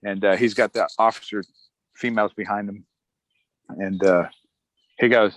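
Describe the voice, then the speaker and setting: A man's voice: on the low side, normal speed, pauses often, no echo, poor audio. A middle-aged man, an Army veteran, telling his story casually in an interview, acting out other people's lines with a chuckle. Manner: relaxed, chuckling, acts out quotes of others.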